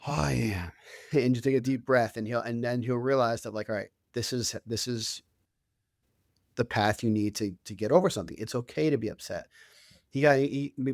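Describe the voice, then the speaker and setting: Telling stories on an interview show, a thirtysomething man who writes books and coaches youth keeps restarting and filling gaps in a casual, conversational way. His mid-range voice is a little mellow, with studio quality and no echo.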